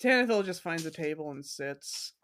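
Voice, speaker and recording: A woman narrating a tabletop game as game master, halting often on fillers. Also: sits low, animated, a bit bright.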